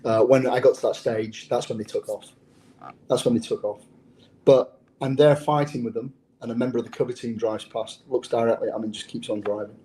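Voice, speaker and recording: A man's voice: mid-range voice, steady tone, brisk, dark tone, a little hiss or hum, poor audio. An English man who is a former undercover police officer, telling a story in an interview in a blunt, profane way. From England.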